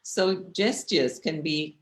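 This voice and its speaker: Speaking slowly in a low-pitched voice, a woman gives an online slide lecture for a communication class over video call. She keeps her tone conversational and checks in with the listeners often.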